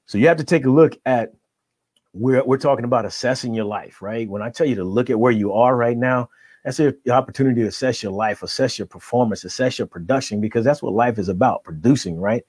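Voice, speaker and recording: A man's voice: mid-range voice, quick pace, husky, dry recording. Middle-aged male life coach, motivational, keeps asking "right?", dry close sound. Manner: energetic, tags nearly every point with "right?". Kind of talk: motivational conversation.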